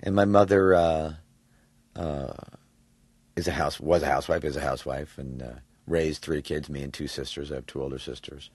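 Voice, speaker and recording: A man from New York with an extremely low voice talks about his acting work, animated and quick to laugh. He circles his thoughts with plenty of fillers and restarts. The sound is close and dry, as in a studio. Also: husky, dry recording. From New York, USA. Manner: animated, laughs often, thinks aloud with fillers. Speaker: voice actor guest. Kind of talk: interview answers.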